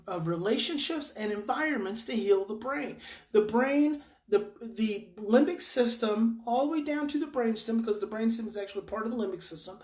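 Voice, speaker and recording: A woman's voice: on the high side, darkish tone. A woman giving an informal parenting talk as an educator, speaking emphatically and repeating her key phrases. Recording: roomy echo.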